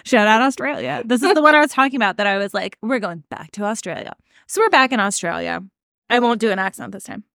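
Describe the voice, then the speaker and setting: A young woman co-hosting a podcast in casual chat, relaxed, chatty and wry. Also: a little high, fast, gravelly, no echo, studio quality. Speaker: podcast co-host.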